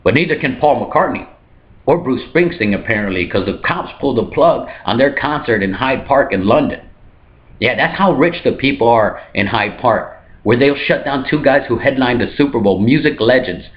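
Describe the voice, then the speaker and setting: A man hosting a satirical comedy news monologue in a hotel room, delivering deadpan jokes and now and then jumping into high mock voices. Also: moderate pace, dull audio. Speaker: comedy news show host.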